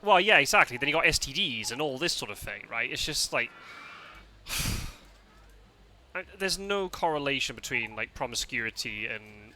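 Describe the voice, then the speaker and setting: A man's voice: medium pitch, big pitch swings, measured pace, pauses often, bright, forceful tone, slight background noise. A Scottish man streaming a game live, chatting casually with his viewers, often laughing and restarting his sentences. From Scotland.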